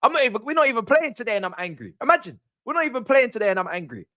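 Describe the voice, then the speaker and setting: A young man hosting a football watch-along stream, ranting casually and repeating himself as his voice swings from low grumbles to high outbursts. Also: very animated, very fast, bright, forceful tone. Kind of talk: casual live-stream rant.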